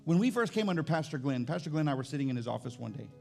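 A man preaching a sermon in a conversational, testimony style. He often repeats words as he builds up, and he climbs higher and louder when stirred. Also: animated, very fast, gravelly, faint music behind. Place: church service.

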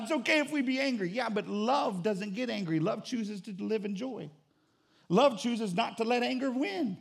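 A man's voice: sits high, lively intonation, moderate pace, creaky. A middle-aged man preaching a sermon as pastor, telling stories and calling on the church for an amen. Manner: storytelling with call-and-response.

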